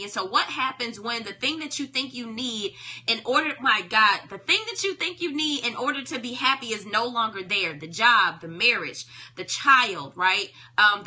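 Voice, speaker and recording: Bright-voiced woman hosting a live book talk. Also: on the high side, husky. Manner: conversational, preacherly, checks in with "right?". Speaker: live-stream host reading a self-help book. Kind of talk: live-stream book discussion.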